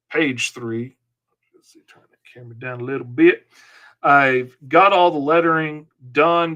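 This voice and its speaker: A man's voice: mid-range voice, fairly bright tone. A man hosting a live comic-inking lesson, chatting casually and rambling in a self-deprecating way while he works and answers viewers. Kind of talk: casual live-stream chat while working.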